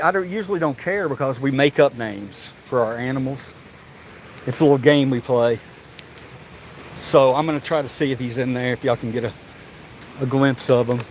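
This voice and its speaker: A man with a drawl talks to his viewers on a walk around a zoo. He jokes, chats and lets the odd curse slip, at an ordinary pitch, with a soft outdoor hum behind him. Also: low-quality recording. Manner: chatty, joking, swears and yells animal names. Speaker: vlogger. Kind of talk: casual vlog walkthrough.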